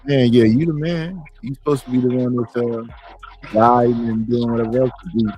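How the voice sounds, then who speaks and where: A man hosting a casual commentary show, blunt and animated, acting out quoted arguments. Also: mid-range voice, normal speed, highs cut off.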